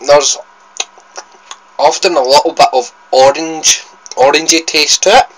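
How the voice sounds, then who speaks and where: A young Scottish man with a Scottish accent talks through a food tasting in a loose, rambling way, often restarting his sentences. His voice is bright and forceful, pitched a little high. A faint hiss sits under the recording. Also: steady tone, unhurried, rough recording. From Scotland. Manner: rambling, chatty, self-interrupting. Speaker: food vlogger. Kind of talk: casual tasting vlog.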